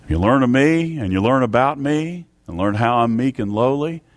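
Lively-pitched male preacher, emphatic. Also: normal speed, no echo. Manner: emphatic, repetitive preaching with Bible readings in King James English. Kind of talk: sermon.

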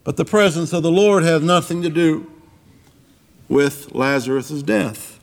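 A man delivers a sermon in church, his gravelly voice moving a little slowly. He retells the scripture with dramatic swings up and down in pitch for emphasis.

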